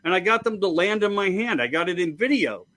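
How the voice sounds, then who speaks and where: A man's voice: high-pitched, very animated, brisk, a bit bright. A man hosting a show, chatting eagerly in loose, run-on sentences. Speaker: show host. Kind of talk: casual interview chat.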